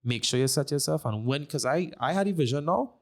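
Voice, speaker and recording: A man's voice: on the high side, lively intonation, a little fast. A man in his twenties with a Trinidadian accent, a streamer talking in a brash, slangy, emphatic way as a podcast guest. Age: 20s. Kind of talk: casual podcast conversation.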